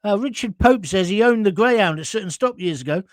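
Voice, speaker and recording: Give me an older host telling stories casually, a slightly high voice, dry close sound. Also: male voice, lively intonation, a little fast, no echo. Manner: chatty and anecdotal, often asks "right?". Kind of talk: casual storytelling on a live show.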